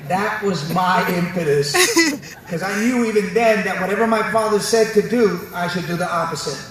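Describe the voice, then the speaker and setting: A man giving a comedic commencement speech, an animated storyteller who slips into funny voices. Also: sits high, normal speed. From New York City. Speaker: commencement speaker. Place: large ceremony venue. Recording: very echoey venue, distant mic, audience noise.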